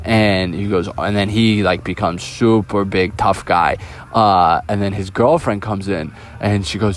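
A man's voice: lowish voice, fairly even intonation, unhurried. A young man telling a personal story in a casual storytime monologue, animatedly acting out the quoted dialogue. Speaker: vlogger.

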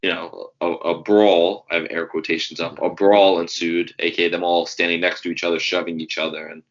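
A man's voice: sits low, completely flat delivery, fast, pushed and bright. A man, co-hosting a casual sports podcast and telling rambling stories with fillers and swearing. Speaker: podcast co-host. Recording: dull lo-fi sound.

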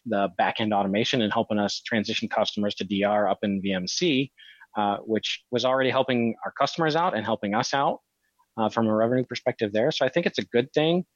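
A man's voice: on the low side, fairly quick, no room sound. Chatty man on a dry, muffled line. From Wisconsin. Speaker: podcast co-host. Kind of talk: casual podcast chat. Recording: dry, slightly muffled audio.

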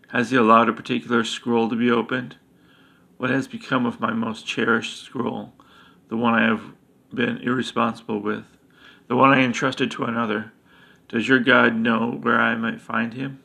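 A man's voice: mid-range voice, creaky, bright, forceful tone, full character voice. A man voicing a fallen former mayor, once godlike and now bitter and lost, in a pleading, brooding reading.

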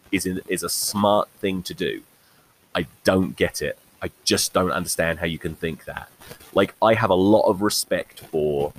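A man hosting a solo podcast, talking rugby in a blunt, sweary, rambling way, recorded on a crackly faulty mic. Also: low-pitched. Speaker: podcast host. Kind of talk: casual solo rugby chat.

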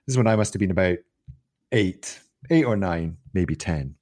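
A man's voice: low voice, animated, moderate pace, a little mellow. A man co-hosting a casual podcast, joking, swearing and acting out voices as he tells stories. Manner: swearing, jokey, acts out voices in his stories. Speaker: podcast co-host. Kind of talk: casual chat.

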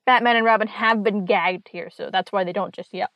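A woman's voice: medium pitch, fairly even intonation, brisk, no echo, dull audio. A woman hosting a podcast, casually recapping a comic story with wry, dry asides.

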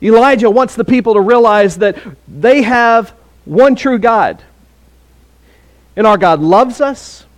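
A man preaching a sermon in a conversational way, with fillers and restarts. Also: extremely high pitch.

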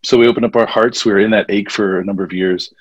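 A man's voice: on the low side, fairly even intonation, fast, husky, no room sound, dull audio. A man talking earnestly as a guest in a casual conversation, often repeating his phrases. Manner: earnest and faith-centered, speaks in warm repeated phrases. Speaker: podcast guest.

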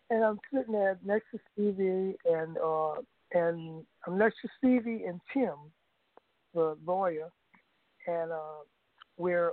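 A man's voice: sits high, no room sound. Man telling a story over a phone line. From United States. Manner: rambling, laughs often, frequent filler and restarts. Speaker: guest musician. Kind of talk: anecdotal storytelling.

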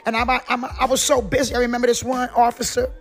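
A North Carolina woman in her forties hosts a podcast where she talks casually about her faith, long-winded and rambling and always coming back to "you know what I'm saying." She talks fast in a fairly high, level voice, with soft music playing quietly underneath.

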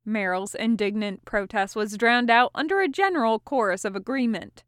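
A woman reading a fan story aloud as scripted narration, with calm, measured storytelling. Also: on the high side, no room sound, clean studio sound. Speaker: audiobook reader.

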